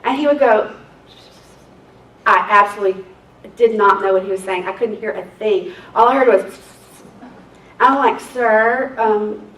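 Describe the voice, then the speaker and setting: A woman court reporter, telling lively stories at a seminar and acting out the people she quotes. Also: mid-range voice, unhurried, long pauses, a little hiss or hum. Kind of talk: anecdotal seminar talk to a group. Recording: echoey room, distant mic.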